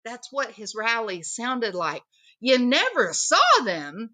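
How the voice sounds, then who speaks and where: A woman's voice: a little high, sing-song, takes it slowly, pushed and bright. A woman hosting her own commentary channel, talking in a sarcastic, mocking monologue. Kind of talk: opinionated monologue.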